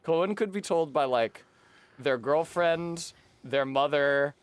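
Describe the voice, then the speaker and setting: A man's voice: a little high, slow, clear, resonant tone. A man streaming a game, chatting casually with teasing, swearing banter.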